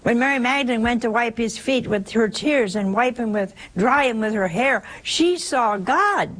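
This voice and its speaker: A woman's voice: a little high, moderate pace. An older woman giving a conversational sermon, emphatic and full of rhetorical questions. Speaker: preacher.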